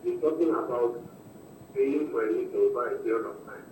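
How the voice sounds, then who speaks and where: A Nigerian man with a Nigerian English accent calling in to a radio show, pressing his complaints in an earnest, halting way. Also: mid-range voice, a little mellow. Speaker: radio caller. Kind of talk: phone-in complaint. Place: calling in by phone. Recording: distant echoey phone line with faint noise.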